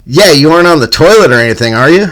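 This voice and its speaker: A man's voice: on the high side, lively intonation, fast, a bit bright. A man hosting a comedy podcast, hesitant and stammering, cracking jokes as he talks. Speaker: podcast host.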